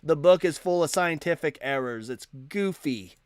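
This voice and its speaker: A man's voice: fairly high pitch, animated, moderate pace, a little mellow, clean tone, no room sound. A man hosting a live debate stream, talking casually and animatedly, often repeating and restarting words. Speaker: livestream debate host.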